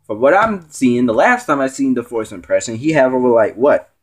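Talking a little fast, a man with an expressive, swooping voice rambles and teases as he rants to viewers. He's a stand-in host on a casual vlog.

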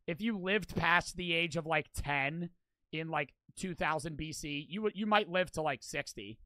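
Male streamer, slightly high and bright voice, casual rambling slang, dry close-miked sound. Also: normal speed, dry recording. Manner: animated, slangy, rambling with many "like"s. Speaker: streamer reacting to videos. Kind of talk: casual live-stream chat.

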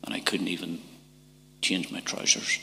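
A middle-aged man with a Northern Irish accent giving an emotional church testimony, halting and repeating words, sometimes dropping to a whisper. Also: deep voice, steady tone, vocal fry, sharp tone. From Northern Ireland. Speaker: testimony speaker. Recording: church hall reverb.

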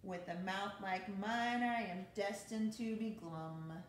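A woman's voice: slow pace, lightly acted. A woman voicing a glum, gloomy male fish in a mournful, sing-song storybook reading. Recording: very echoey room with faint rumble.

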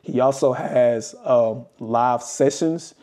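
A man's voice: medium pitch, takes it slowly. A young adult man talking casually to camera and walking through his study experience with plenty of fillers. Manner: relaxed, conversational, many fillers. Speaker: vlogger. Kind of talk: casual talking-head explainer.

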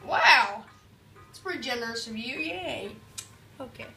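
Playful woman narrating a game, reads the tutorial out loud, slow and kinda high. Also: music in the background. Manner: playful, jokey, reads on-screen tutorial text aloud. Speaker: gameplay commentator. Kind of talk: casual let's-play commentary.

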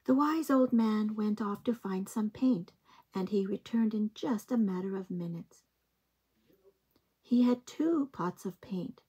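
A woman reading picture books aloud to young children in a slow, gentle, expressive way. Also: medium pitch, breathy edge. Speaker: early-years storytime reader.

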